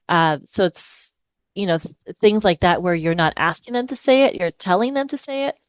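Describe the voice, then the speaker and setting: A woman's voice: lowish voice, normal speed, smooth, no echo. A middle-aged woman from Hawaii, a speech-language pathologist, patiently explaining strategies in a podcast interview. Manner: patient, explanatory, models phrases in a lilting parent voice.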